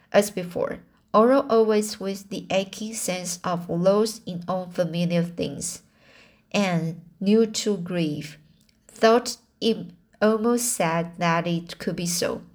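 A woman reading a classic novel aloud as audiobook narration, slowly, often restarting words and correcting herself. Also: on the low side, darkish tone. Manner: slow, with frequent restarts and self-corrections. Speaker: audiobook reader.

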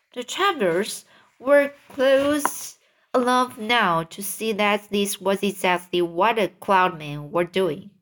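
A woman's voice: mid-range voice, a bit bright. A woman reading a children's book aloud, often stumbling and restarting words. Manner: halting, stumbling over words. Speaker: reader.

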